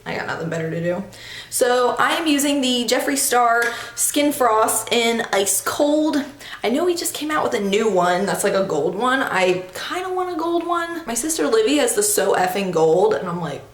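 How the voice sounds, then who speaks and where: A woman's voice: on the high side, animated, moderate pace. A woman in her twenties chatting casually while doing her makeup, self-deprecating and loose with slang. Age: 20s. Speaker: beauty vlogger. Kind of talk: casual get-ready-with-me chat. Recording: echoey room.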